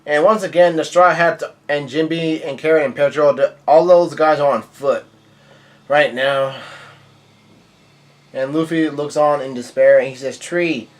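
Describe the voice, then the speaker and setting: A man's voice: fairly high pitch, fairly even intonation, a little slow. Rambling man recapping a comic. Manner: rambling, many fillers and restarts. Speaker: manga reviewer. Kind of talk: casual chapter recap.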